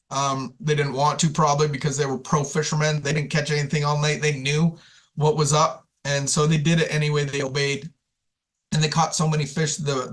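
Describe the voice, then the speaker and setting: A man's voice: fairly high pitch, fairly bright tone. A man giving an informal spiritual talk to a recovery community, conversational, often repeating words and restarting. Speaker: speaker sharing at a recovery community.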